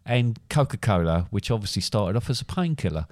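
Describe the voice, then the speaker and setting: A middle-aged man co-hosting a father-and-son podcast in casual chat, with dry, deadpan humour. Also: lowish voice, brisk, dry recording.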